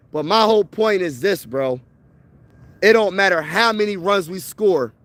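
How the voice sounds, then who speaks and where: A man's voice: on the high side, fairly bright tone. A man, giving a casual, worked-up sports rant as a fan vlogger, slangy and repetitive. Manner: worked-up, repetitive, slangy, says "bro" a lot.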